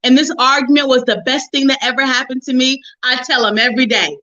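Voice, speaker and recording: A middle-aged woman hosting a relationship forum, telling her own story to listeners in a lively, preachy way and calling them honey and sis. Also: high voice, quick pace, muffled recording. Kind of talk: personal testimony to listeners.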